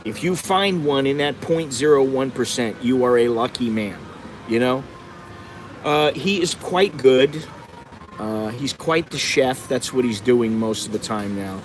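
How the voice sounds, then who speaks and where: A man's voice: mid-range voice, measured pace, a little hiss or hum, poor audio. Foul-mouthed middle-aged man ranting. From United States. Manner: heavy swearing, blunt, digressive storytelling. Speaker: vlogger. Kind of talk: profane live-stream rant. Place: indoors by a window, city traffic outside. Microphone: phone set on a windowsill.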